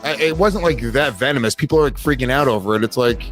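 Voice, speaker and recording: A man's voice: mid-range voice, fast, a bit bright, faint music behind. A man co-hosting a casual podcast, laid-back and teasing. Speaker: podcast co-host.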